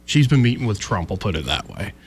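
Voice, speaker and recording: A man's voice: fairly low pitch, fast, husky. A man hosting casual political talk, chatty with frequent restarts. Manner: chatty, animated, some verbal restarts. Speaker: talk radio host.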